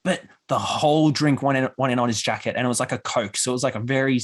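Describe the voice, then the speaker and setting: A man's voice: medium pitch, fast. Young man telling stories. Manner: animated storyteller, acts out quoted voices. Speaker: podcast host. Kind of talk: casual podcast chat.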